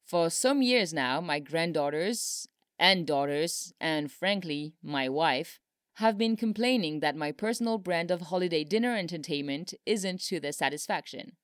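A woman's voice: deep voice, animated, a little slow, no room sound. A woman voicing a dry-humored older male president, speaking solemnly with a wry edge, in a storybook reading.

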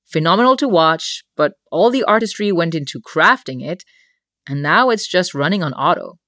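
Low-voiced woman narrating wryly. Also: animated, normal speed, fairly bright tone, no room sound, clean studio sound. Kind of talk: audiobook narration of a comic story.

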